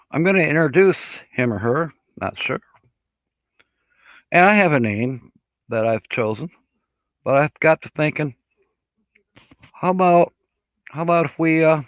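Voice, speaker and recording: In a mid-range voice with no echo, a man hosts a relaxed live stream, wandering from topic to topic and reading out comments from viewers. He talks slowly and easily, using plenty of fillers, with a dull lo-fi sound from a dry room.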